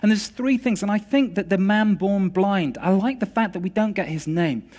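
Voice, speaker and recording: A man preaching a sermon, telling a story in a lively, conversational way with some restarts. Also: high-pitched, moderate pace.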